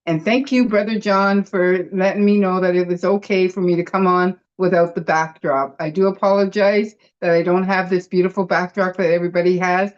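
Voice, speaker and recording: A woman's voice: fairly even intonation, brisk, hardly any pauses. A woman from Canada, giving an emotional, effusive thank-you speech to an online group over her phone, with many fillers and restarts. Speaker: webinar panelist. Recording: muffled low-fidelity phone audio.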